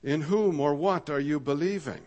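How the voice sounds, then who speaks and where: Pastor, man, voice a little on the high side, reflective sermon delivery, slow emphatic stresses, rhetorical questions. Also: darkish tone.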